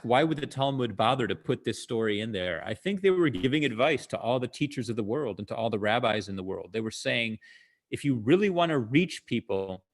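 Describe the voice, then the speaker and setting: A man talks through jokes and stories in a relaxed, conversational way, recorded over a video call. He pauses on fillers and stops to explain his punchlines, like a comedian teaching an audience. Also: mid-range voice. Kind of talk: casual storytelling talk over video call.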